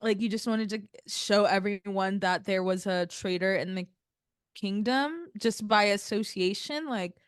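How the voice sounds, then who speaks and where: A woman's voice: medium pitch, measured pace, smooth, no room sound, studio quality. A young woman co-hosting a casual chat show, recapping a TV episode bluntly and with exasperation, with heavy fillers. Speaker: podcast co-host.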